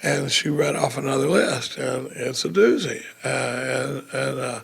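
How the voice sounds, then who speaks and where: A man with a gravelly, raspy, medium-pitched voice speaks unhurriedly in a retreat meeting room. At this recovery retreat, he tells a live audience a self-mocking story, restarting often.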